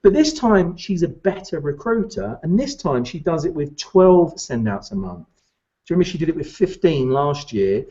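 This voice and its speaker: Male recruitment coach, motivational training talk, punchy and repetitive, very animated delivery, muffled lo-fi sound. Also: fairly high pitch, normal speed. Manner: emphatic, repeats key points.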